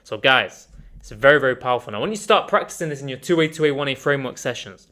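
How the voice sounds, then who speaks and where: A man teaching an online communication course in an energetic, emphatic way, calling his viewers guys. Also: medium pitch, fast talker. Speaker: communication coach.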